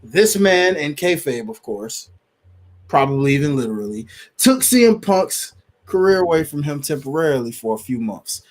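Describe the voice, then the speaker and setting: A man co-hosting a podcast, talking in an animated, slangy casual chat and quick to laugh. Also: on the high side. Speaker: podcast co-host.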